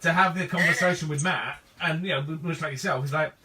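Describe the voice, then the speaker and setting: A man's voice: fairly high pitch, fairly even intonation, brisk, recorded from a distance, background noise. A man hosting a casual chat, talking hesitantly with frequent restarts. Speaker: host. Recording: voice from away from the mic.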